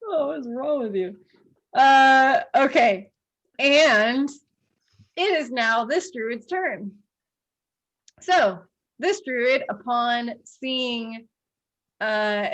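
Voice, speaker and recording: Slow, giggly woman running a tabletop game. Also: a little high, fairly bright tone. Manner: unhurried, giggly, halting with fillers. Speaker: game master.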